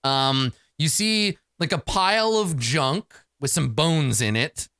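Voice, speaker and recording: A man's voice: on the high side, animated, takes it slowly, sharp tone, clean tone, dry recording, studio quality. A man narrating as game master, rambling with fillers and restarts.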